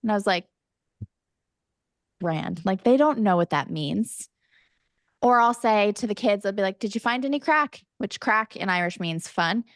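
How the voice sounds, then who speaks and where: Woman on a podcast rambling and oversharing, average pitch, dry studio sound. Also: normal speed, no room sound. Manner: chatty, oversharing, animated storyteller. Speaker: podcast co-host. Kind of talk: casual chat.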